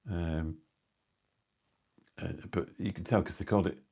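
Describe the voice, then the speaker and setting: A man's voice: deep voice, fairly even intonation, unhurried, creaky, warm tone, breathy edge. A middle-aged man hosting a live stream, chatting indoors at home in a rambling, anecdotal way with dry asides. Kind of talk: casual rambling chat. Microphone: new phone or mic on a live stream.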